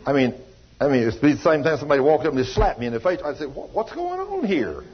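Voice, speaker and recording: A man's voice: fairly high pitch, rapid-fire, highs cut off. A man preaching a sermon, telling a story and acting out the voices of the people in it, in a folksy, down-home way. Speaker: pastor.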